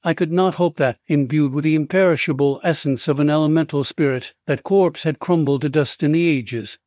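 A man reading a first-person horror story aloud in a measured, dramatic narrating style, on a close microphone. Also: fairly high pitch, a little mellow, dry recording. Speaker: audiobook narrator.

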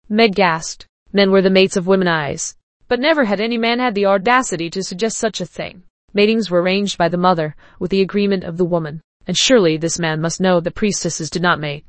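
A woman reading a story aloud in a steady, even way. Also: on the low side, fairly quick, no room sound. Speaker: narrator.

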